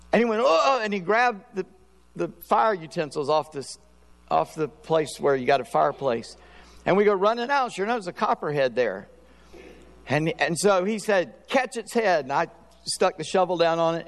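An older man preaching a sermon, telling stories and acting out the voices in them. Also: fairly high pitch. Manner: storytelling, animated, acts out voices in anecdotes. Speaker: pastor. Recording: long hall reverb.

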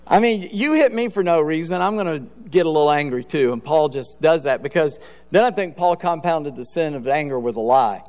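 A man preaches in a loose, conversational way and slips into slangy voices to act out the scenes he retells. His voice sits high for a man. The sound carries the long reverb of a large church hall. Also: fairly quick, a little mellow. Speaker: pastor. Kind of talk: sermon.

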